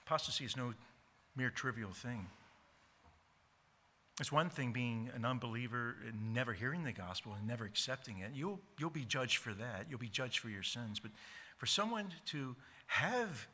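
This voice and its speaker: A man preaching a sermon as pastor, emphatic, slowing down to stress key words, with frequent restarts. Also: mid-range voice, lively intonation, pushed and bright. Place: church sanctuary.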